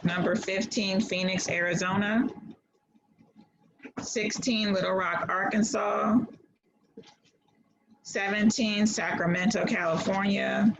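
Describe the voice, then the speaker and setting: A woman tutoring a class over a video call, reading answers in a patient, steady way. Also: mid-range voice, noisy background. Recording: dull video-call audio.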